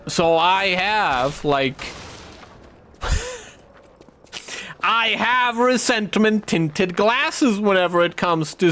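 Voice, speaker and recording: Rambling and cursing through anecdotes, a male streamer talks casually while he plays a game. He has a fairly bright voice on the high side.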